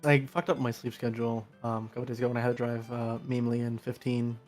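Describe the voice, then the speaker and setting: A man's voice: mid-range voice, fast, soft background music. Tired young man from New Jersey. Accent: New York. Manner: rambling, animated when telling stories. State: tired from little sleep. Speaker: guest player. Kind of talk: casual chat.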